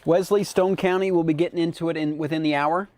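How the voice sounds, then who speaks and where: A man's voice: on the high side, steady tone, fast talker, a little mellow, dry recording. A man hosting live severe weather coverage on the radio, chatting casually as he tracks storms and eats. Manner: casual, chatty, talks with mouth full. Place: radio studio.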